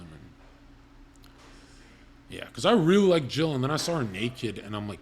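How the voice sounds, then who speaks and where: Casting: young male streamer, mid-pitched, crude rambling storyteller, faint background noise. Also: animated, fairly quick. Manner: profane, rambling, blunt. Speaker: livestream host.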